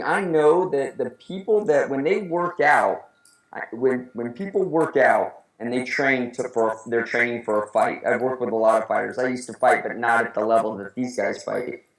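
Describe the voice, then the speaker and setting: A man talking earnestly as an interview guest, often restarting his sentences. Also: mid-range voice. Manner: earnest, halting with many restarts. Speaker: guest speaker. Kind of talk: casual interview talk. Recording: roomy echo.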